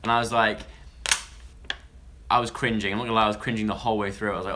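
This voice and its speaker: A man's voice: fairly low pitch, little pitch movement, quick pace, background noise. A young man from England chatting casually on a live stream, rambling and interrupting himself as he talks to viewers.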